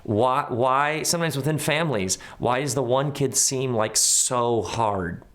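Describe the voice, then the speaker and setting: A middle-aged man speaks as an interview guest, thoughtful and conversational. He tells stories and slips into the voices of the people in them. His pitch sits at an ordinary middle level. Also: measured pace. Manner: animated, acts out quoted voices in his stories. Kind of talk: reflective conversational storytelling.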